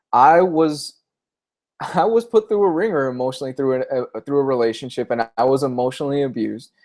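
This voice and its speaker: A young comic book vlogger chats casually on a livestream, his mid-range voice carrying a darkish tone. He speaks candidly and emotionally about comics, tearing up at times.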